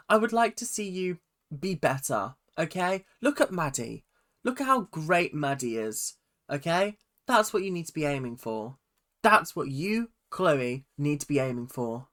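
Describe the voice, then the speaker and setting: This woman is hosting a reaction video and rants at the screen, swinging between fuming complaints and muttered asides. Her delivery is animated and exasperated throughout. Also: low voice. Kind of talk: ranting reaction commentary.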